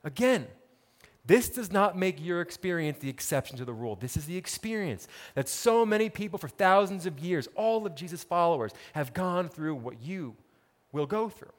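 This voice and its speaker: A man preaching a sermon as pastor, emphatic and animated, repeating key phrases for effect. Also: high voice, normal speed, big-room sound.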